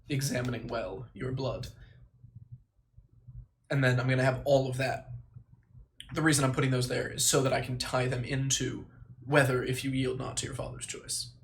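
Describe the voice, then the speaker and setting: A man streaming live, thinking aloud and reciting memorized lines in quick bursts, stopping to correct himself. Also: medium pitch, little pitch movement, slight background noise. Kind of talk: casual livestream chat, reciting lines from memory.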